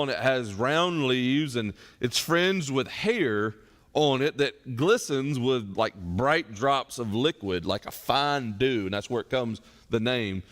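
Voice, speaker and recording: A man's voice: medium pitch, fairly bright tone. A middle-aged man, a pastor leading a Bible study, preaching in a conversational way and telling folksy stories as illustrations. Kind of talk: conversational sermon. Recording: long hall reverb.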